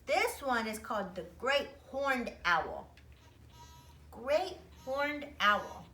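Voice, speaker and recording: A young woman leads a toddler lesson in a high, lively sing-song voice that swoops up and down. She speaks very slowly and playfully, and her voice carries a roomy echo. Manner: slow and playful, gasps and laughs. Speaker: children's teacher.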